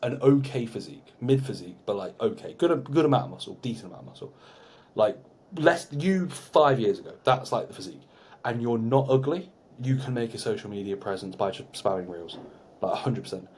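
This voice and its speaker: A young man, co-hosting a podcast in casual, animated chat with some swearing. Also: mid-range voice, a little fast. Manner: chatty, swearing, animated storytelling. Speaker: podcast co-host.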